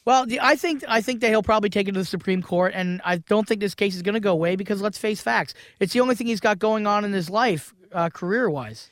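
A man's voice: high-pitched, quick pace, hardly any pauses, a bit bright, no room sound. A man hosting a comedy radio talk show, blunt and profane, joking with guests.

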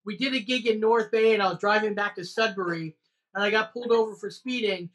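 A man's voice: sits high, fairly even intonation, quick pace, a bit bright, rough recording. A male comedian telling profane anecdotes in a casual chat over a video call.

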